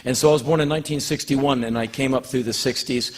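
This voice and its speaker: A man in his fifties from Washington, D.C. tells a stand-up monologue, intense and profane, often bursting into shouts. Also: medium pitch, fairly even intonation, fast, breathy edge. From Washington, D.C., United States. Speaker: spoken-word performer. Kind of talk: stand-up spoken-word monologue.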